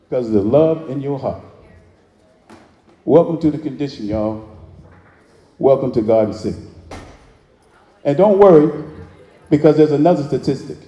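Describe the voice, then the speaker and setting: Brief: male speaker, very mellow dark tone, preacher-like call-and-response, big echoey hall. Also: a little high, dull audio. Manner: preacherly call-and-response, drawling Southern phrasing. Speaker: motivational speaker. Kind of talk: live inspirational speech to an audience. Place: large hall with audience.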